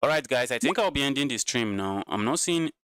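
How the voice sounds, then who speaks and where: A man's voice: mid-range voice, animated, fairly quick, a bit bright, clear, resonant tone, no room sound. A man commentating his own live chess games, talking to his chat and repeating phrases while he plays, sounding tired. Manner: repeats himself, talks to chat. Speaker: chess streamer.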